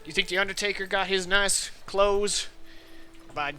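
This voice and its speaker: A man's voice: sits high, fairly even intonation, unhurried, bright, forceful tone, a little hiss or hum. A man voicing a weary, dry-humored frontier gunsmith with a folksy drawl and hesitant fillers. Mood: wry.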